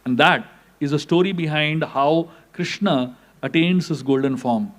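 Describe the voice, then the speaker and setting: A man giving a scripture class as a spiritual teacher, telling the story in an animated way and acting out the dialogue. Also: a little high, a little slow.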